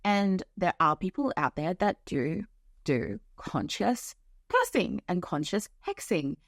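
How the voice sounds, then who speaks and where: A woman's voice: fairly low pitch, big pitch swings, slow, no echo, studio quality. A young woman hosting a podcast, chatting casually and frankly about spiritual topics, swearing freely and using lots of fillers. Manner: frank and profane, with frequent fillers. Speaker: podcast host.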